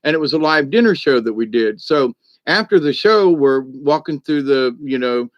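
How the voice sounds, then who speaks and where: A man's voice: mid-range voice, lively intonation, moderate pace, no echo, highs cut off. Chatty man telling stories. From South Georgia, US. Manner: rambling and chatty, full of "you know" and "but anyway". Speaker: live-stream host. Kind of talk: casual storytelling to a live chat.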